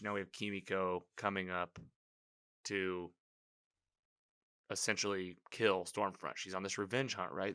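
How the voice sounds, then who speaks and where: Man, lowish voice, bright and forceful tone, casual episode recap, filler-heavy. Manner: rambling, filler-heavy, animated reactions.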